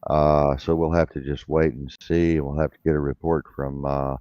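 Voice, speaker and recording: A man hosting a casual talk radio show, drawling and often pausing with uh. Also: rumbling low, little pitch movement, dark tone. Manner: drawling, repeats himself, says uh often. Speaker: radio host. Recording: dull lo-fi sound.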